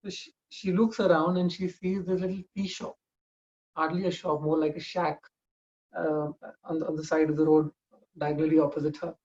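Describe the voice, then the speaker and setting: A man's voice: fairly high pitch, little pitch movement, normal speed, darkish tone, dull audio. Man telling a family story. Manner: conversational, frequent "you know" and restarts.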